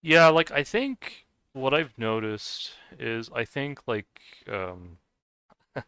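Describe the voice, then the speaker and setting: A man's voice: medium pitch, expressive, slow pace, a bit bright, clear, resonant tone, no echo. A man streaming a game and chatting casually, rambling and hesitant, with many fillers, restarts and frequent laughs. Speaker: gaming streamer. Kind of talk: casual chat while playing a game. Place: lives in the US.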